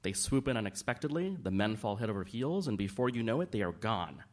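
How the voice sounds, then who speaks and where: A man's voice: fairly low pitch, big pitch swings, fairly quick. A man voicing a catty, cackling society woman who relishes scandal. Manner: cackling, gleeful gossip.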